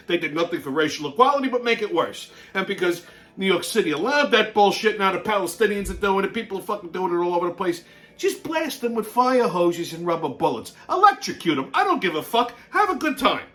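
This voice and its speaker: A man's voice: high voice, a bit bright. A man hosting his show, ranting bluntly in a heavily profane monologue and laughing through his own stories. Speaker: show host.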